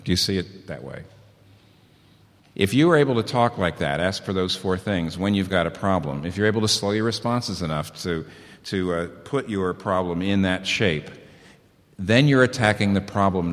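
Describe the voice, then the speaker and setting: Emphatic preacher in a reverberant hall. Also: male voice, deep voice, fairly bright tone. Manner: emphatic, repeats key lines. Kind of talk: sermon on marriage.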